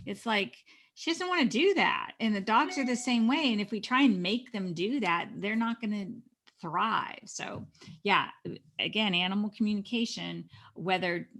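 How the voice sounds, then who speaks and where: A middle-aged woman with a gravelly, creaky edge to her voice, speaking as a guest in a conversational interview. She gives earnest, encouraging advice and often stops to restart her sentences. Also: medium pitch, moderate pace, fairly bright tone. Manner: earnest, advising, with frequent restarts. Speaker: animal communicator, guest.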